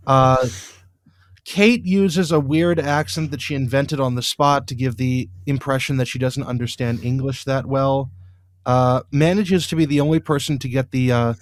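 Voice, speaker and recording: A man's voice: mid-range voice, dry recording, studio quality. A man co-hosting a podcast, recapping in a rambling, exasperated way with many fillers. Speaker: podcast co-host. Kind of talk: casual recap chat.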